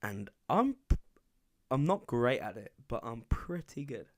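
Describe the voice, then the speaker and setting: At a measured pace, the young man from England talks alone on his podcast in a mid-range, very animated voice. He drifts casually between topics, rambling and poking fun at himself.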